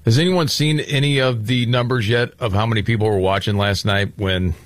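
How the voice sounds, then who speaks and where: A male talk radio host with a low voice who chats casually and leans on his points emphatically. His sound is dry and close, with no room around it. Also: a little fast, dry recording.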